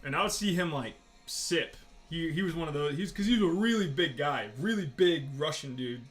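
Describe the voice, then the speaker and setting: Man, slightly higher voice, loose profane storyteller, chats over faint music while drawing. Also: expressive, fairly quick. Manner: rambling, profane, filler-heavy storytelling. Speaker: artist vlogger. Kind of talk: casual rambling chat while drawing.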